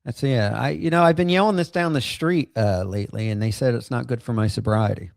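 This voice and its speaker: A man with a gravelly, creaky voice hosts a loose livestream. He rambles and fills gaps with lots of "uh"s and laughs. His mid-pitched voice sounds close and dry. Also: a little fast, dry recording. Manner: rambling with many fillers and laughs. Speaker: livestream host. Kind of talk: casual rambling livestream chat.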